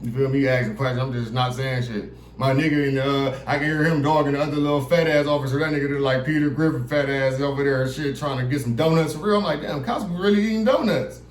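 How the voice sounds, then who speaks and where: A man telling a story from his own life in a casual, animated monologue, swearing freely and acting out what other people said, in a room with some echo. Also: medium pitch, fast talker, few pauses, slight background noise. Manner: animated, profane, acts out quotes of others. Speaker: vlogger telling a personal story. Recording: roomy echo.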